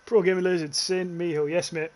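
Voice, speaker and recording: His voice sits high yet has a darkish tone, level and brisk: a young livestreamer from northeast England, near North Yorkshire by his accent. He chats casually with viewers over his gameplay, swearing often and restarting his phrases.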